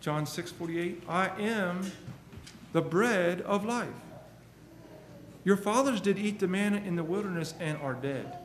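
High-voiced earnest male preacher. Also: roomy sound, a little hiss or hum. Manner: earnest, emphatic, quotes scripture at length. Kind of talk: sermon.

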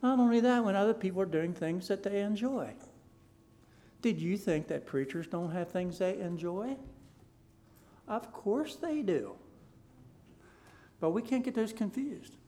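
A man preaching a sermon, reading scripture aloud and swinging between soft, low asides and loud, emphatic repeated declarations. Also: lively intonation, measured pace, pauses often. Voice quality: King James scripture read aloud in a rising, forceful cadence.

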